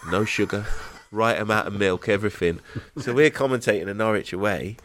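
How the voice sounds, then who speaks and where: A man's voice: fairly low pitch, fairly quick, fairly bright tone, slight background noise. A young adult man, a guest on a podcast, talking in playful, joking banter. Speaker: podcast guest, football agent. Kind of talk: casual podcast chat.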